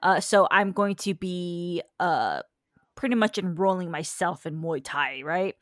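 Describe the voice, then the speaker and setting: A woman's voice: lowish voice, lively intonation, measured pace, a bit bright, dry recording. Woman host in a dry room. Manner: supportive, hesitant with many ums and uhs. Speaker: podcast host. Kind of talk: casual interview chat.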